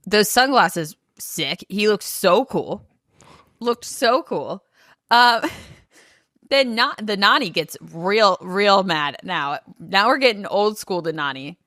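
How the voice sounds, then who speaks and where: A woman's voice: mid-range voice, animated, slow pace, fairly bright tone, dry recording, studio quality. A woman co-hosting a podcast, chatting casually and bluntly about a reality show, laughing often. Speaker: podcast co-host.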